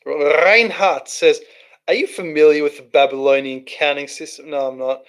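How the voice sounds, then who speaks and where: A man's voice: fairly high pitch, steady tone, moderate pace, fairly bright tone. A man hosting a livestream, reading out chat comments and answering them in a rambling, casual way. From Australia. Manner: chatty, rambling, thinks aloud with restarts.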